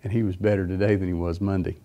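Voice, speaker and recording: A middle-aged man delivers a sermon through a long personal story, often pausing on fillers and restarting his sentences. His voice sits low, with a soft, mellow tone. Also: level tone. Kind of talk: sermon testimony.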